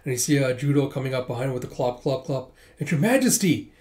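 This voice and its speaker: A man's voice: medium pitch, level tone, quick pace, mellow. A man narrating a manga chapter aloud in a loose, conversational way, with fillers and asides. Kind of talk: casual read-aloud narration.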